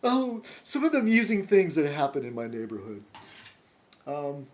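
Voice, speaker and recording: Man rambling with a lively pitch. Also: moderate pace. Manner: meandering, many restarts and fillers, laughs often. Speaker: video blogger. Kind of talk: rambling casual monologue.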